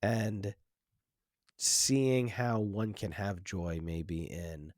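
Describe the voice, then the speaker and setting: A man's voice: lowish voice, extremely slow, a little mellow, dry recording, studio quality. A man hosting a film podcast, talking casually and reflectively with lots of restarts and "like"s. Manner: rambling, many restarts and fillers, reflective. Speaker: podcast host.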